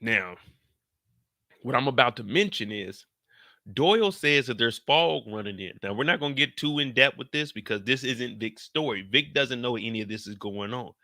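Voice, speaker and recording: A man's voice: mid-range voice, expressive, moderate pace, bright, forceful tone, no room sound, studio quality. A man hosting a casual TV episode recap, joking, swearing and talking straight to his viewers. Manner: profane, joking, addresses viewers directly. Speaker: TV show recap host.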